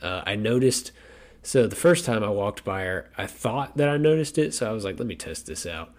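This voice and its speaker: Brief: young male co-host, lowish voice, wry and joking, casual. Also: expressive, moderate pace. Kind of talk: casual chat.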